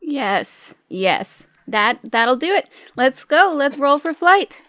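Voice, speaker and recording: A woman's voice: high-pitched, big pitch swings, takes it slowly, a bit bright, no room sound. A woman narrating a tabletop game as game master, casual and giggly.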